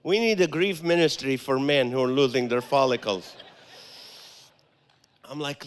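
A man doing stand-up comedy in a church, telling animated stories and acting out the voices. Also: mid-range voice, a little slow, long pauses, clear, resonant tone. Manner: animated storytelling, acts out voices and punchlines. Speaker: Christian comedian. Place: large church auditorium. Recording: long hall reverb.

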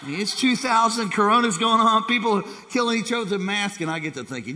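A man preaching with a high, bright and forceful voice, swinging between hushed asides and excited bursts as he calls on the congregation. His sermon rings out with a long reverb from a large church hall. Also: quick pace. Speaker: pastor.

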